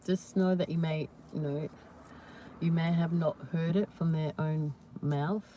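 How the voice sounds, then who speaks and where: A woman hosting a casual live chat with viewers, talking warmly and reassuringly with many "you know"s and "yeah"s. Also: sits low, steady tone, measured pace, a little hiss or hum. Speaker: livestream host.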